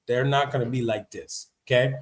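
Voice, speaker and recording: A man's voice: medium pitch, steady tone, moderate pace. A man hosting a casual livestream, talking in a chatty, emphatic way, repeating his points and reacting to notes he reads aloud. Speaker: livestream host. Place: living in Vietnam.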